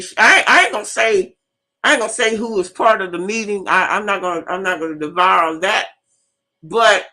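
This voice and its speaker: A woman host and teacher telling an animated, profane story in casual live talk, repeating herself as she goes. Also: mid-range voice.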